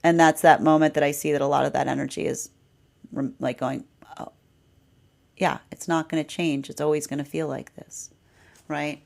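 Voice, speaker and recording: A woman's voice: low voice, steady tone, normal speed, vocal fry, long pauses, a little mellow. A woman giving a live tarot reading, rambling and repeating herself, with frequent "right?" and "like". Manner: laughs often, quoting the energy's voice. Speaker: tarot reader.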